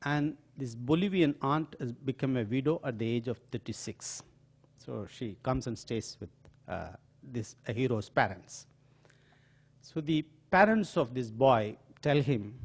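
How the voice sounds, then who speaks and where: A man's voice: medium pitch, measured pace, breathy edge. An older man with an Indian accent, giving a lecture full of dramatically told stories in an auditorium. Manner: animated, dramatic storytelling. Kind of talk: storytelling lecture.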